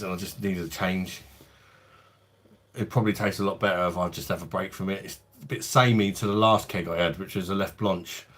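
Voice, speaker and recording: Hosting a relaxed beer review stream, this Londoner in his thirties, nearly forty, has a voice that sits a little low. He's easygoing and talkative, going through viewers' comments and replying with plenty of "mate."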